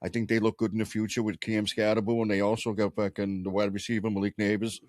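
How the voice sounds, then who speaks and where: A man's voice: on the low side, flat delivery, fast, darkish tone, dry recording, studio quality. A man co-hosting a casual sports podcast, rambling through loose, profane analysis and laughing often. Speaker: podcast co-host.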